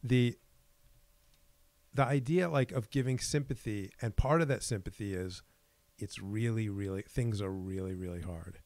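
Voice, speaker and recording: Low-voiced man thinking aloud, halting. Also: darkish tone, dry recording. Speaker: podcast host. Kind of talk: casual chat.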